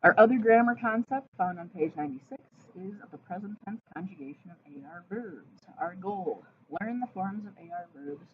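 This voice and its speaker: Woman, Spanish teacher in a recorded lesson; methodical, checks in with "right?"; tinny lo-fi audio. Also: on the low side. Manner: explains step by step, checks in with "right?". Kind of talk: recorded vocabulary and grammar lesson. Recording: tinny lo-fi audio with faint hiss.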